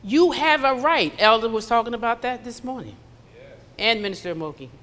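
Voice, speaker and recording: A woman's voice: a little high, expressive, a little fast, fairly bright tone. A woman preaching a conversational sermon in a church, slipping into acted asides. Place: church sanctuary. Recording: long hall reverb.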